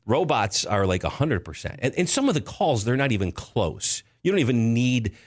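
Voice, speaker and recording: A man hosting a casual sports talk show, animated, with sudden jumps in pitch and rapid asides.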